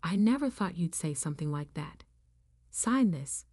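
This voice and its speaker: Defensive pleading husband, woman reading, low voice, dry sound. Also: lively intonation, moderate pace, mellow, no echo.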